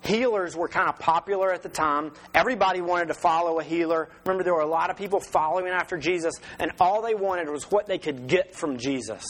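A man's voice: high voice, fairly bright tone, low-quality recording. A man preaching a sermon as pastor in a conversational way, with rhetorical questions and restarts.

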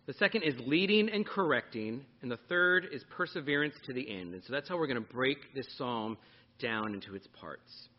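A man preaching a sermon to a congregation, teaching in an animated way and putting questions to his listeners. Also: medium pitch, moderate pace, muffled recording. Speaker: pastor.

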